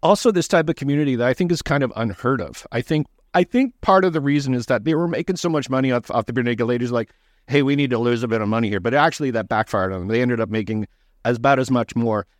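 A man, a documentary director, answering interview questions in a casual, halting way, with frequent restarts and fillers. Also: medium pitch, lively intonation, no echo, studio quality.

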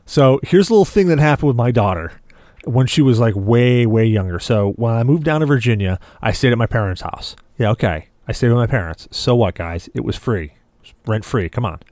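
A man on a gaming podcast spins a story with lots of play-acted dialogue, voice sitting at an ordinary middle pitch. The sound is dry and close, with no room echo at all. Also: lively intonation, a little fast, a little mellow. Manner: vivid storyteller who acts out quoted dialogue. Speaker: podcast co-host. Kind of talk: casual podcast chat.

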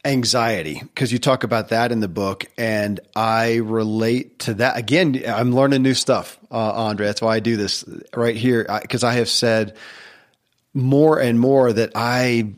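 A man's voice: mid-range voice, steady tone, measured pace. A man hosting a podcast interview, speaking earnestly and often repeating words as he starts his thoughts. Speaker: podcast host. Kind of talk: casual interview chat.

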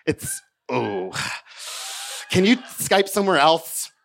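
A man's voice: fairly high pitch, very animated, takes it slowly, gravelly, pitched above the performer's own voice, full character voice. A man playing a finicky, flustered Hollywood production guy who bosses him about his room. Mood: fussy. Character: fussy Hollywood production guy, male adult.

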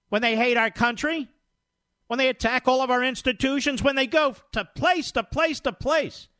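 A man's voice: very high-pitched, bright, forceful tone, dry recording, studio quality. A man hosting a talk radio show, scornful, indignant and combative in his commentary. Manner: indignant, scornful, rapid-fire.

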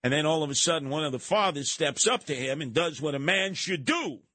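A brash talk radio host, a man whose voice sits a little high. He rants in a sarcastic, combative way. The sound is close and dry, with no room around it. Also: expressive, fairly quick, bright, forceful tone, no echo. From New York City.

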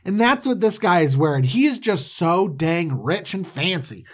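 A man with a fairly high voice tells a story in a loose, comedic way. He rambles and stays animated throughout. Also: moderate pace. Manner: animated, rambling, with many fillers.

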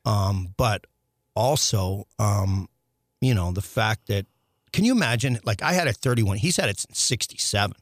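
A man in middle age tells his stories as a guest on a talk show, his voice sitting somewhat low. He rambles and restarts, getting animated and swearing now and then. The sound is dry and close, with no room around it. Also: moderate pace, no room sound. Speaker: podcast guest, former hockey player. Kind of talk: casual storytelling interview.

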